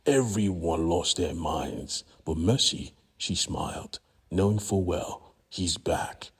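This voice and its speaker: Deep husky guy recapping a comic, casual and swearing a lot. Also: slow pace. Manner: casual, profane, slangy retelling. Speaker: comic book recap narrator.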